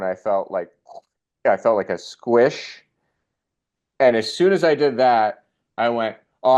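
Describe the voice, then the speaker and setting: A young man telling a funny personal story in a casual, animated way, acting out the voices of the people in it. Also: on the low side, muffled recording. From Canada.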